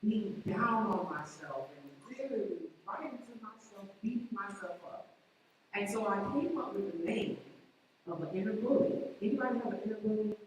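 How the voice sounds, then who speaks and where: A woman's voice: mid-range voice, a little hiss or hum. A woman giving a motivational talk at a conference, often asking the audience direct questions. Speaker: conference speaker. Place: large hall with a live audience. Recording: echoey hall, mic far off.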